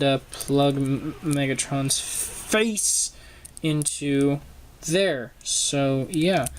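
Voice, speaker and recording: A man's voice: medium pitch, slight background noise. Rambling young man reviewing a toy. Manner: rambling, halting, with frequent ums and uhs. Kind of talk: casual hands-on toy review. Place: home desk filming a toy close up. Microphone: camera microphone.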